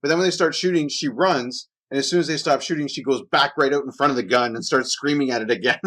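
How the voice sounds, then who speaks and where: A man's voice: medium pitch, fast talker, fairly bright tone. A Canadian man co-hosting a casual movie podcast, rambling and laughing as he talks. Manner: laughing, rambling, repeats words. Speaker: podcast co-host. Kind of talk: casual chat.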